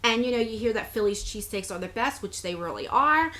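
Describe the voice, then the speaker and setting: A woman in her forties with a fairly high voice that swoops up and down as she talks. She chats casually as a beauty vlogger, reading out viewer comments and answering them in a rambling, easygoing way. She laughs often between her answers. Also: animated, fairly quick, bright, forceful tone. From New Jersey.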